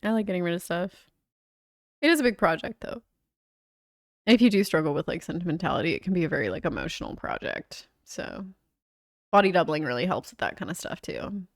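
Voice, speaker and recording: A woman's voice: on the low side, sing-song, fairly quick, long pauses, dry recording, studio quality. A young woman streamer chatting casually and relaxedly, with lots of "like" fillers. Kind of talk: casual livestream chat.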